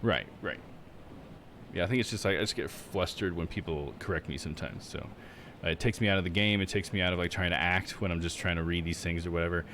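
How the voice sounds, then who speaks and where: A man's voice: low-pitched, fast talker, a bit bright, slight background noise. A young man live streaming a game, chatting casually in a laid-back, self-deprecating way and laughing often. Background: game music.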